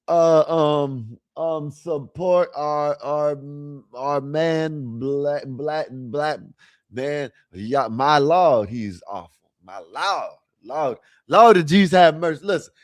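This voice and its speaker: A man's voice: a little high, no echo, studio quality. A man hosting a livestream, rambling casually and talking straight to his viewers. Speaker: livestream host.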